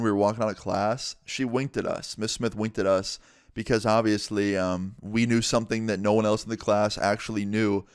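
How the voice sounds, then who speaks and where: Young male vlogger, low voice, dry close sound, loose casual storytelling. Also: clean tone, dry recording. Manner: casual, swears freely, lots of "like".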